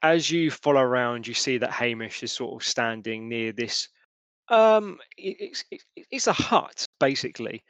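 A man running a tabletop game as game master, narrating in a halting way with lots of restarts. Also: medium pitch, lively intonation, fairly bright tone, dry recording. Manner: halting, many fillers and restarts.

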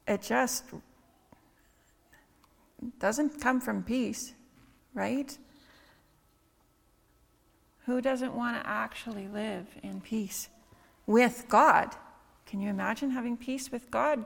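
Gravelly woman preaching in a hall. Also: fairly high pitch, fairly bright tone. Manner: conversational, asks many rhetorical questions with tag questions. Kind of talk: sermon. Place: church hall. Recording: long reverb in a hall with faint music.

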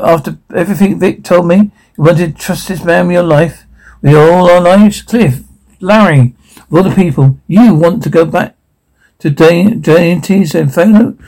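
Gravelly man reading out a drama script. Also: on the high side, warm tone, rough recording. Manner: dramatic, stumbling on words and restarting, frequent swearing. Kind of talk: reading a drama script aloud, voicing every part and the stage directions.

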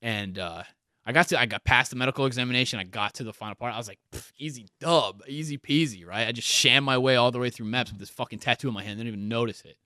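A young man casually telling stories as a podcast guest, animated and swearing often. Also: medium pitch, very fast, dry recording, clean studio sound. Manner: swears a lot, animated, laughs through stories. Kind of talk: casual storytelling chat.

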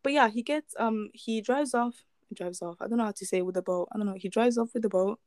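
A woman's voice: mid-range voice, a little fast, darkish tone, no room sound. A woman casually retelling a true crime story, rambling with fillers, restarts and chuckling asides.

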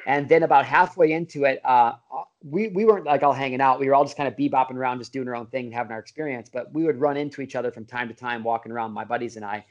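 A middle-aged man guesting on a podcast tells a story casually, packing it with bro slang, fillers and restarts. He speaks at medium pitch and a quick pace, and the audio is dull and lo-fi.

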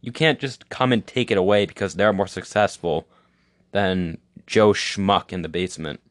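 A young man holds forth in a casual monologue. His voice sits on the low side and the recording is dry and close. He rambles, full of "like" and restarts, sure of his opinions. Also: normal speed, no room sound. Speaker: podcast host.

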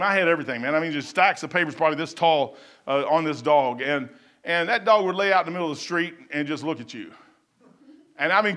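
A man preaching a casual sermon, rambling and folksy as he tells stories and reads scripture slowly. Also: a little high. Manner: reads scripture slowly, then trails off quietly.

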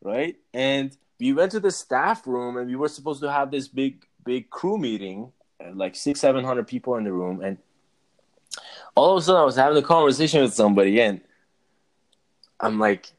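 A musician, interviewed as a guest, tells a personal story in a casual, lively way and acts out his own reactions. His voice is mid-range and his speed is normal.

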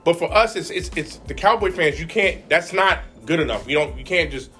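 A man with a fairly high, bright voice rattles off his sports opinions at a quick clip. He talks emotionally and restarts his sentences often. Faint music sits under the chat. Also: animated. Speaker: podcast co-host.

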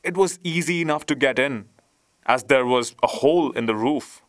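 A man reading a fairy tale aloud in a gentle, measured way. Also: medium pitch, no room sound. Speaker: narrator. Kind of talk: storybook reading.

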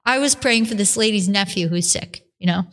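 A woman's voice: medium pitch, brisk. A religious sister telling her vocation story in a podcast interview, acting out the voices she quotes. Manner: animated storyteller who acts out her own quotes.

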